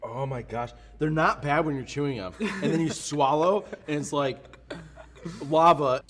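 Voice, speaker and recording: A man's voice: fairly high pitch, measured pace, slight background noise. A young adult man, a youth pastor, laughing and joking through a casual hot-wing question game. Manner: laughs often, animated and joking.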